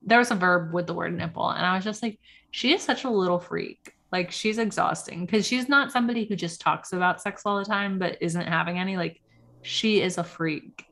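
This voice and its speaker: A woman's voice: on the low side, brisk, creaky, fairly bright tone. A young woman co-hosting a podcast, gossiping casually about a reality show and saying "like" a lot. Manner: chatty, gossipy, full of "like". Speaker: podcast co-host. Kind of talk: casual chat recapping reality TV.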